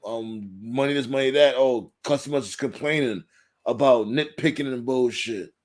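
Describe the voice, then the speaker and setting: A man hosting a casual talk show, telling a profane story and acting out quotes in a raised, animated voice. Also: mid-range voice, moderate pace. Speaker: podcast host.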